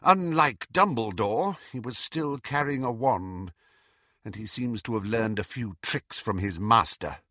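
A man voicing a stern, sharp-tongued older female professor with a clipped, scornful delivery. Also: medium pitch, measured pace, no echo, studio quality. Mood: bitter.

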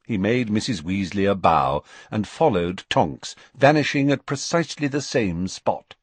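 A male audiobook narrator with a low, husky voice that rises and falls in a lively way. He tells the story in a measured, expressive manner, and the recording is close and dry. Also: no echo. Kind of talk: scripted narration.

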